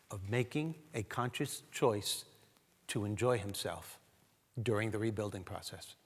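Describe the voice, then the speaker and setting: A man giving a motivational keynote speech, animated and talking straight to the audience as he tells a story. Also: mid-range voice. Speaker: keynote speaker. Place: large event hall. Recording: long hall reverb.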